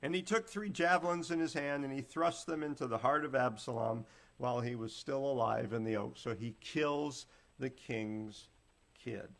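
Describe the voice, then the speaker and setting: Gravelly-voiced man teaching scripture. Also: medium pitch, moderate pace. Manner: retells scripture in plain folksy words, acting out the quotes. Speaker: preacher. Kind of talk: Bible teaching sermon.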